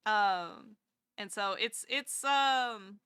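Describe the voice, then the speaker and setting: A woman's voice: mid-range voice, very slow, sharp tone, smooth, dry recording, studio quality. A woman VTuber streamer chatting casually with her viewers live, rambling and self-deprecating, gushing over kind messages.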